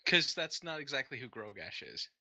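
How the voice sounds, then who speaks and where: A man's voice: medium pitch, very animated, moderate pace, sharp tone. A man playing a tabletop game who speaks hesitantly and asks many rules questions in casual chat. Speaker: player.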